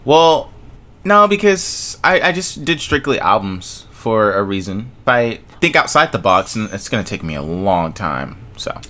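A young man co-hosting a podcast in casual banter, quick to get defensive and laugh, stammering at times. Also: fairly low pitch, big pitch swings, bright, forceful tone. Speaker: podcast co-host.

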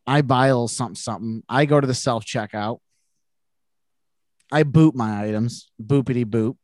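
A man's voice: mid-range voice, normal speed, a little mellow, dry recording. A man co-hosting a podcast, telling a self-mocking funny story in casual chat and laughing through it. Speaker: podcast co-host.

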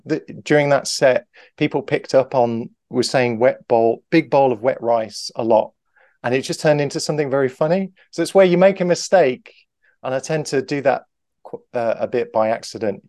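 A man's voice: medium pitch, darkish tone, dry recording, studio quality. A man talking casually as an improv guest, rambling and correcting himself, acting out example lines as he explains. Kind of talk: casual interview chat.

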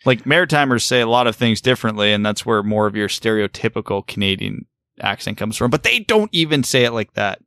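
A man's voice: on the low side, animated, brisk, fairly bright tone, no room sound, studio quality. A man co-hosting a casual sports podcast, reasoning through his points with rhetorical questions. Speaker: podcast co-host.

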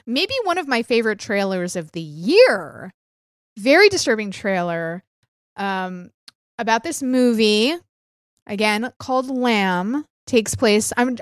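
A woman's voice: on the high side, clear, resonant tone, dry recording, clean studio sound. A woman hosting a solo podcast, chatty and sarcastic, poking fun at herself. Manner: chatty, sarcastic, self-deprecating. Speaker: podcast host. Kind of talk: casual solo podcast monologue.

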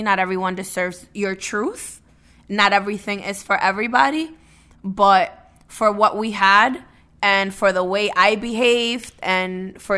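A woman's voice: medium pitch, pushed and bright, clear, resonant tone. A woman co-hosting a podcast, chatting candidly and often restarting her words. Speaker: podcast co-host. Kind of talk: casual chat.

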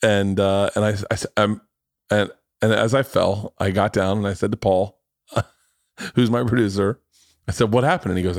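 A man hosting a podcast in casual chat, telling stories in an animated way with frequent swearing and laughter. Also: fairly low pitch, normal speed, dry recording, studio quality. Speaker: podcast host.

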